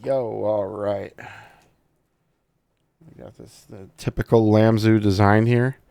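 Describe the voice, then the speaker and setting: Gravelly low-voiced man unboxing casually. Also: slow, pauses often, dry recording, clean studio sound. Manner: profane, excitable, jokey talk to the viewers. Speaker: tech reviewer.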